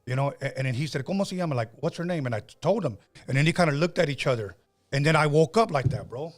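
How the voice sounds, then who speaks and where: A man's voice: medium pitch, expressive, fast, no echo. A man hosting a casual podcast, telling a story in a rambling way with many restarts. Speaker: podcast host.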